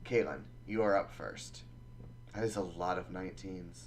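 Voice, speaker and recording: A man running a tabletop game as dungeon master, narrating combat in a relaxed, halting way. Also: low-pitched, slight background noise.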